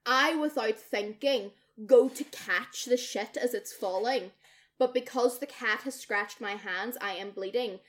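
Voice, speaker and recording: A young woman co-hosts a casual podcast, her voice pitched a little above most women's. She tells stories with animated energy, swears freely, and slips into the voices of the people she describes. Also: a little slow. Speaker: podcast co-host. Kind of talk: casual storytelling chat.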